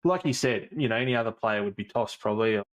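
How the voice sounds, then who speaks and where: A man's voice: lowish voice, quick pace. Easygoing man co-hosting a podcast. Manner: easygoing, explains at length. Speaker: podcast co-host. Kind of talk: casual chat.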